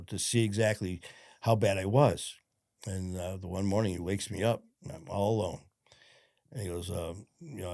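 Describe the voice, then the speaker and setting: A low-voiced man with a darkish tone, a former cop from Detroit, tells his story as a podcast guest in a casual storytelling interview. He's frank, rambling and profane, with plenty of fillers. The studio recording is clean, with no echo.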